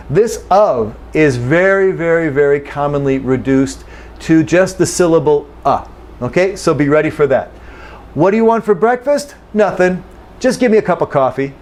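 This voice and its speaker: American man teaching pronunciation, slightly high. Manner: explanatory, repeats key phrases for emphasis; drops into quick acted dialogue to demonstrate. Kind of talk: language lesson.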